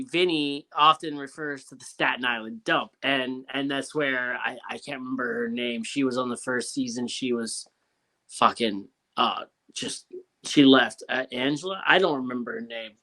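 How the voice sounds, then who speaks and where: Man from Canada, bright voice, rambling, casual podcast host. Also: medium pitch, normal speed. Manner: rambling storyteller, many fillers. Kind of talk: casual chat.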